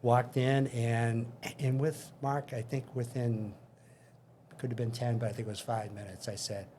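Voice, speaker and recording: Older man, medium pitch, chatty storyteller, acts out dialogue, restarts often, faint background hiss. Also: little pitch movement, unhurried, warm tone. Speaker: interview guest. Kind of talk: casual storytelling.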